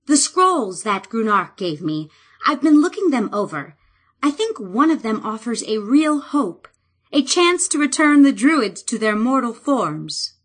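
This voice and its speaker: A woman voicing an earnest, devoted young woman druid in an audiobook, speaking softly and heartfelt. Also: medium pitch, expressive, slow. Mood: hopeful.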